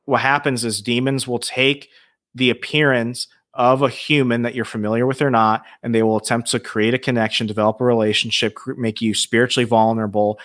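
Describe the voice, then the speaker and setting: A man's voice: mid-range voice, a little fast, dry recording, clean studio sound. A man telling ghost stories as a podcast guest, casual and profane, acting out quotes from the people in them. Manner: profane, animated storytelling with acted-out quotes. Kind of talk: casual storytelling.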